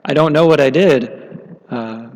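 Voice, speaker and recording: A man voicing a humble male scholar who speaks haltingly, recorded in a hall with long reverb. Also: mid-range voice, a little mellow, close to an everyday voice. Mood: apologetic. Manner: hesitant, halting.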